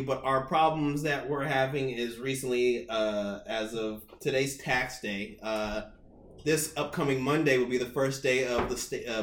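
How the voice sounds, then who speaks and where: A man's voice: medium pitch, a bit bright. A young man co-hosting a casual podcast chat, throwing in joking, mumbled asides. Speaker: podcast co-host. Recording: echoey room, faint noise.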